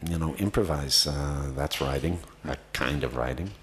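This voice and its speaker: Fielding audience questions on acting during a festival Q&A, this man has a bass voice and a moderate pace. His answers ramble, full of fillers and restarts, and the recording carries a little hiss or hum.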